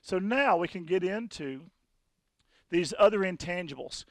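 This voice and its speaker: A man's voice: sits high, lively intonation, a little slow, a bit bright, no room sound. A man giving a folksy, conversational sales presentation to an audience at a conference session.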